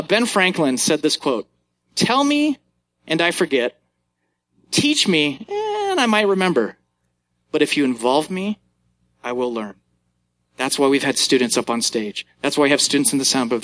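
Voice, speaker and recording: A young man, a youth pastor, preaching a sermon and telling family stories in an animated way. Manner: animated storytelling, acting out moments with big pitch jumps.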